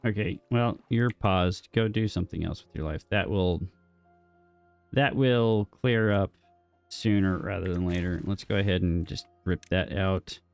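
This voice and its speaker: A man's voice: low-pitched, unhurried, vocal fry, darkish tone, clear, resonant tone, soft background music. A man casually commentating his own gameplay, thinking aloud and joking with the game as he builds. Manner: thinks aloud, jokey, talks to himself and the game. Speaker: gaming streamer.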